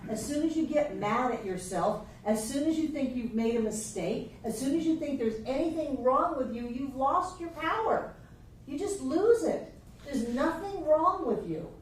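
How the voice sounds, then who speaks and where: A woman teaching a spiritual class to a live group, playful and animated, often acting out the voices people use on themselves. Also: high voice. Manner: playful, acts out quoted inner voices, laughs often. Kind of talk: class lecture. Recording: echoey room from far off, faint noise.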